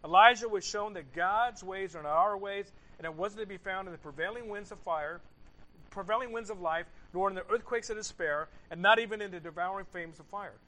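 A man preaching a sermon, swinging between loud emphasis and hushed asides, repeating key phrases and asking rhetorical questions. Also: high voice, fairly quick, rough recording. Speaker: pastor.

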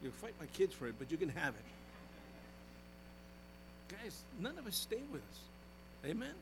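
A pastor with a slightly high voice and big pitch swings preaches at normal speed over background noise. Calling out to his congregation, he moves back and forth between booming exhortation and soft, homespun storytelling.

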